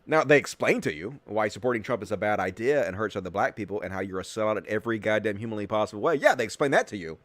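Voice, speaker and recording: A man's voice: lowish voice, lively intonation, racing, few pauses, a bit bright. Sarcastic, profane male host. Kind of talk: live commentary show.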